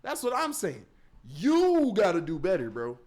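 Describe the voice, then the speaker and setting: A man's voice: high voice, wildly swooping pitch, a little slow, a little mellow. A young man co-hosting a commentary video, reacting in slang and talking straight to the viewers. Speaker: co-host. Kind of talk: reactive casual chat.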